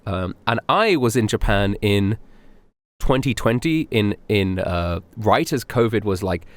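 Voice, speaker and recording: A young man from Europe chats casually as a podcast co-host, telling rambling travel stories and acting out the people in them. His voice sits a bit low, and the close studio mic keeps it dry. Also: lively intonation, a little slow, no room sound. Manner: rambling anecdotes, laughing, acting out other people's lines. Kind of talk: casual chat.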